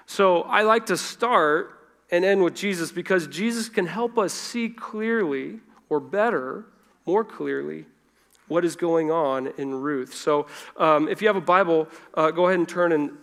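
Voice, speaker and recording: High-voiced man preaching casually. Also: creaky. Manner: informal, self-correcting, shifts between loud emphasis and hushed asides. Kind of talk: conversational sermon. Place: church.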